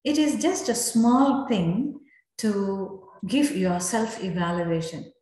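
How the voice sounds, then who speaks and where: A woman leading a youth speaking club meeting, giving slow, encouraging feedback and inviting speakers. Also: mid-range voice, mellow. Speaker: meeting evaluator. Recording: very echoey room.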